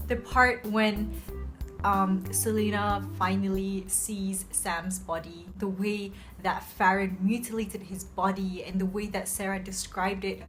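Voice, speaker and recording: A young woman chatting casually about books she loves, gushing and excitable, with lots of fillers. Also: medium pitch, slow pace. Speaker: book reviewer. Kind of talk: casual book review chat. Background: soft background music.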